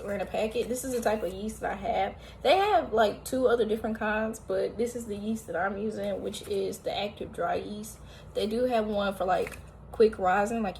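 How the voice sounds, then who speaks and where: A woman chatting casually as she cooks at home, tired and a little out of breath, talking at length with sudden loud exclamations. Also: mid-range voice, creaky, a little hiss or hum. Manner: talkative, animated, often exclaiming. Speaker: home cooking vlogger. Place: home kitchen, indoors.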